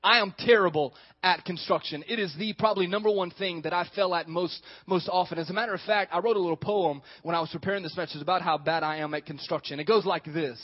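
A man's voice: high-pitched, steady tone, fast talker, few pauses, lo-fi sound. A male pastor preaching a sermon, joking and talking with the congregation.

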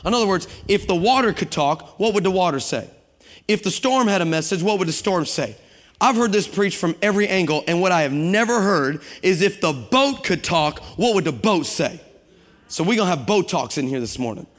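A man preaching a sermon to a congregation, lively and humorous, building up to shouting passages. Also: high-pitched, a little fast. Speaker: guest preacher. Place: church sanctuary with congregation. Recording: long hall reverb.

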